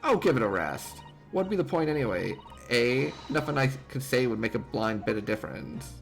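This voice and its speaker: A man's voice: mid-range voice, expressive, moderate pace, creaky, soft background music. A man voicing a distrustful young girl thief with a put-on Cockney accent, defiant and slangy. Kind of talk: reading game dialogue aloud.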